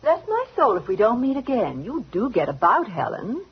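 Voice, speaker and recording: A woman's voice: on the high side, very animated, normal speed, a little hiss or hum. An actress playing a jealous, spiteful rival woman in a 1940s radio drama, speaking in a mocking, sarcastic drawl. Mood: surprised, probing. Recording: dull lo-fi vintage radio recording.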